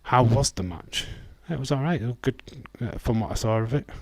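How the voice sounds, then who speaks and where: A man's voice: medium pitch, lively intonation, brisk, a little mellow, no room sound. A man with a Yorkshire accent hosting a live wrestling watch-along, chatting casually and reacting to viewer messages. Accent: Yorkshire English. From Yorkshire, England. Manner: chatty, reacts to chat messages, laughs easily. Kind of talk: casual live commentary and chat.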